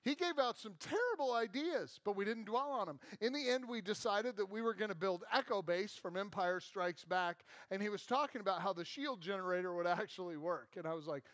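A man's voice: high voice, lively intonation, fairly quick, hardly any pauses, fairly bright tone, no echo. A middle-aged man with an American accent giving a sermon, telling stories casually with many fillers. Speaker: pastor.

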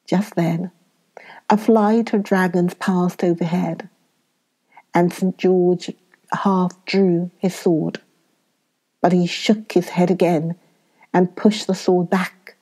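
A woman reading a children's story aloud, slow and gentle. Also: on the low side, little pitch movement.

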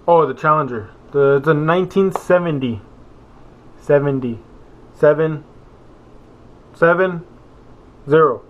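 With a voice on the high side, this young man vlogs unhurriedly, leaving long pauses. His meandering talk is packed with fillers and corrections, and the audio has a narrow, phone-like quality.

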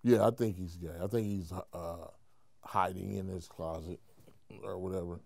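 A man, a comedian, telling an animated, profane story in an interview, mimicking the people he quotes. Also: moderate pace, gravelly, no room sound, studio quality. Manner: profane, acts out quotes in high voices, laughs while telling.

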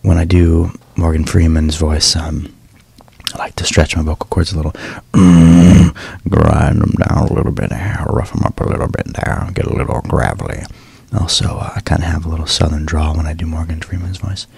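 A man from New Jersey, an actor and voiceover artist, talking softly in a whispered ASMR style with relaxed fillers. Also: a bass voice, moderate pace, gravelly, breathy edge, no room sound. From New Jersey, USA.

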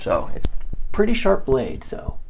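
A man's voice: high-pitched, huge pitch swings, a little slow, creaky, a little mellow, dull audio, slight background noise. A man chatting casually and laughing as he vlogs a shave. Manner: laid-back, chuckling, rambling. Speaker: shaving vlogger. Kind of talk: casual vlog chat while shaving.

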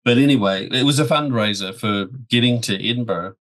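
Relaxed kiwi guy in his 60s, mid-pitch, chatting as a guest. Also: fairly quick. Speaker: podcast guest. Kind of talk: casual podcast chat.

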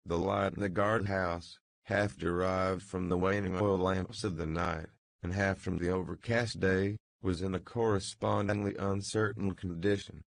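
A man reading a classic novel aloud as an audiobook narrator, in a measured, even manner. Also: low-pitched, vocal fry, no room sound.

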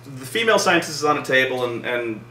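Talking quickly with lively intonation, this man has a mid-range voice that sounds bright and forceful. He's a vlog host casually recapping a movie, rambling, saying "like" a lot and swearing freely, captured by a far-off mic in an echoey room with faint noise.

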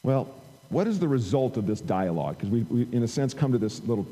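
A man's voice: mid-range voice, lively intonation, fairly quick, dark tone, big-room sound, low-quality recording. A man preaching a conversational sermon into an amplified microphone, reading scripture aloud and rising in emphasis. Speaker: pastor. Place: church sanctuary.

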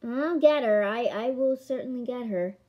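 A woman giving casual commentary on a board game she is playing, excitable, with melodramatic outbursts and playful taunting of her opponent. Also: fairly high pitch, moderate pace, dull audio. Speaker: gamer filming a board game. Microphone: camera mic.

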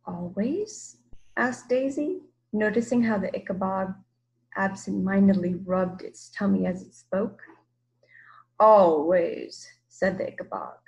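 A woman from Massachusetts, a teacher, reading a children's book aloud in a measured storytelling way. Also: medium pitch, steady tone, gravelly, darkish tone, poor audio. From Massachusetts, USA. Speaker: teacher, guest reader.

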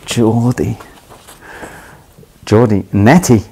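A young man with a London accent, a footballer, casually explaining slang in a chatty, easygoing way with lots of ums and quick laughs. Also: fairly low pitch, slightly rough, poor audio. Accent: London English. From England. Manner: relaxed, chatty, laughs easily, many ums and restarts.

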